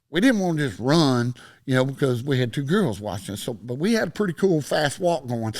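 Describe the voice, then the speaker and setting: Animated Texan man telling stories. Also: mid-range voice, fairly quick, no room sound. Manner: animated, acts out every quoted line in the story. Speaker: podcast guest. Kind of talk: storytelling in casual podcast chat.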